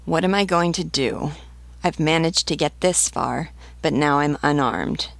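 Woman reading as Radub, a creaky mocking soldier. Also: low voice, a little slow, dry recording. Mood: grumbling. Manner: taunting, scornful, swaggering. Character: brash mocking wounded male soldier.

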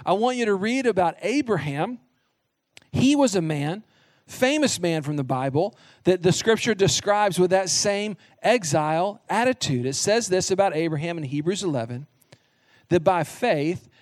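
A man's voice: high-pitched, expressive, normal speed, no room sound, clean studio sound. A middle-aged man preaching a sermon as a pastor, earnest and emphatic, stressing short repeated phrases.

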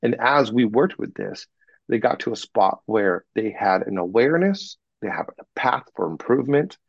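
A man working as a communication coach, telling animated stories about clients and acting out what they said in an interview. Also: lowish voice, moderate pace, vocal fry, breathy edge, no room sound, lo-fi sound. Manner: animated anecdotes, acts out clients in quoted voices. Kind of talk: podcast interview, storytelling.

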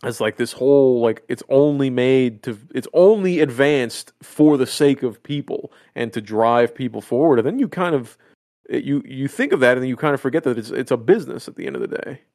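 A man's voice: mid-range voice, a little fast, darkish tone. A man co-hosting a podcast, rambling and swearing in casual chat. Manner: rambling, profane, storytelling with acted quotes. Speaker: podcast co-host.

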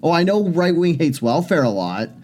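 A man's voice: a little high, very animated, normal speed, darkish tone, slight background noise. A young man co-hosting a podcast, chatting casually in a joking, rambling way with swearing. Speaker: podcast co-host. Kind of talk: casual chat.

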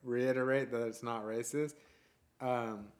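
A man's voice: medium pitch, steady tone, a little slow. Laid-back man talking in casual slang. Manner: laid-back slang with many fillers like "dude" and "like". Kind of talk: casual conversation.

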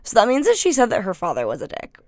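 A woman's voice: medium pitch, huge pitch swings, fast, a little mellow, no echo. A young woman co-hosting a casual gossip podcast in a campus studio, chatty and playful with lots of fillers. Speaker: podcast co-host.

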